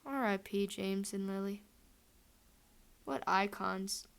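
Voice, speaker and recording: Young woman, chatty, rambling, casual fan storytelling, medium pitch. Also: little pitch movement, slow, gravelly, clean tone.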